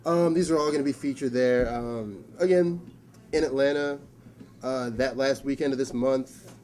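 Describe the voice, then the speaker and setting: A man chatting casually on a podcast, relaxed and full of fillers as he announces an event. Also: medium pitch, normal speed, slight background noise. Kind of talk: casual chat. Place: comic and game shop.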